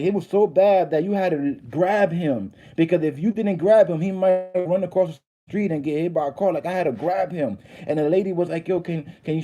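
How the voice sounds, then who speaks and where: A man's voice: high-pitched, highs cut off. A man in his thirties hosting a casual livestream, telling stories and reading viewer comments, rambling with frequent restarts and fillers. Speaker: livestream host.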